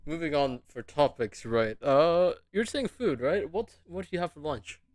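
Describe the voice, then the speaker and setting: A man hosting a podcast in casual chat, teasing his guest with playful, deadpan jokes. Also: fairly high pitch, moderate pace, dry recording, clean studio sound. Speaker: podcast host.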